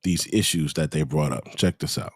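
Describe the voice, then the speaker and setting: A man giving reaction commentary with slow, incredulous asides. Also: rumbling low, slightly rough, no room sound, studio quality. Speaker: video reviewer.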